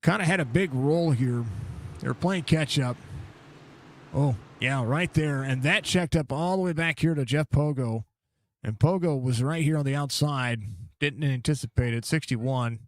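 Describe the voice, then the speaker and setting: A man doing casual live commentary on a sim race while chatting with viewers, with excited outbursts at crashes. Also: medium pitch, normal speed. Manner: chatty, greets viewers by name between race calls. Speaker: sim racing league commentator and streamer.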